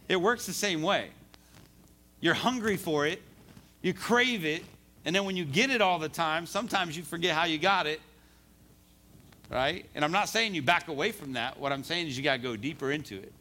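A man delivers a sermon in a loose, conversational way, repeating himself as he works through his point and reads scripture aloud. His voice sits a little high and sounds bright and forceful. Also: animated, moderate pace. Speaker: preacher. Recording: live service recording.

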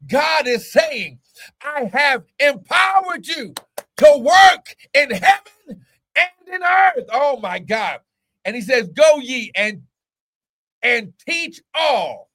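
Casting note: man with a high voice, preaching a fiery online sermon, slow and deliberate, veering from shouts to near-whispers. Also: sing-song.

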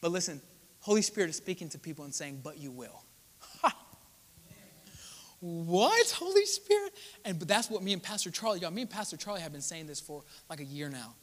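A man's voice: on the high side, lively intonation, brisk, fairly bright tone, long reverb tail. A young male pastor, preaching a conversational sermon in a church, acting out quoted voices and talking straight to the congregation. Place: church sanctuary.

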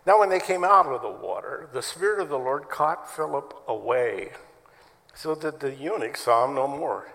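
Gravelly-voiced man preaching in a hall. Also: medium pitch, expressive, moderate pace, fairly bright tone. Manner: storytelling, conversational preaching. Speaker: pastor. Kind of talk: sermon. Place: church sanctuary.

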